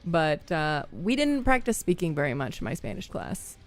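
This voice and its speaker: A woman's voice: lowish voice, big pitch swings, normal speed, soft background music. A young woman from the Midwest chatting casually with her stream viewers, rambling through stories, laughing often and greeting people as they come in. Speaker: livestream gamer.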